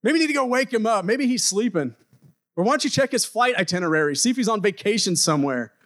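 A man's voice: sits high, lively intonation, quick pace, fairly bright tone, voice pushed up. A male preacher putting on a cocky, taunting man who mocks his rivals in slangy, casual talk.

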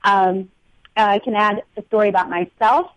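A woman's voice: mid-range voice, moderate pace, dry recording, poor audio. A woman guest on a talk show speaks earnestly and in an uplifting tone about spirituality, with some fillers.

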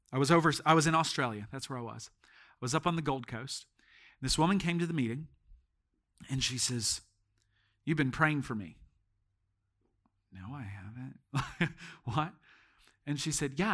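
A man with a fairly high-pitched voice preaches a sermon as pastor in a church. He tells stories and swings from hushed tones to shouts.

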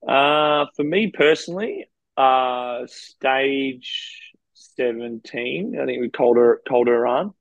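A man's voice: mid-range voice, slow, creaky, no echo, muffled recording. An Australian man, a professional cyclist, frankly recounting race stories in a rambling, casual interview. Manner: rambling, frank anecdotes with quoted dialogue.

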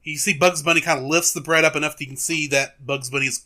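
A man co-hosting a film review podcast, retelling a cartoon in casual chat as an animated storyteller who laughs often. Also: on the high side, fast.

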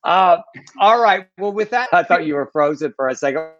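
A man co-hosting a live internet show, speaking in halting, laughing bursts. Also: high-pitched, expressive, dry recording, dull audio. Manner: warm, laughing, halting speech. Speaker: co-host. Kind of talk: casual live internet chat.

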